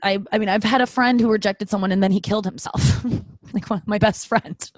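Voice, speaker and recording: A woman's voice: mid-range voice, fairly even intonation, fairly quick, dry recording. A young woman talking candidly at home in a rambling, self-deprecating way with joking asides. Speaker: vlogger. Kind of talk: candid casual monologue.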